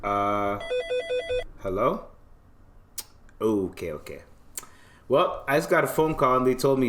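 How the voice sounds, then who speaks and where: A man's voice: medium pitch, very animated, slow, long pauses, a bit bright, slight background noise. A man from Canada hosting a podcast in casual chat, joking, slangy and self-mocking. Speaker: podcast host.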